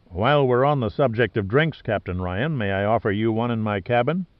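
A man doing a calm, easygoing ship captain, low and quiet. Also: fairly quick, no room sound, close to an everyday voice. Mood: easy. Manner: calm, easy, low-key. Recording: dull lo-fi dry recording.

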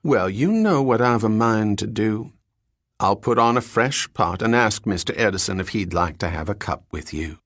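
A man's voice: on the low side, lively intonation, normal speed, a bit bright, no echo, studio quality. A man voicing a talkative, hospitable Southern landlady, a middle-aged woman, with a thick drawl.

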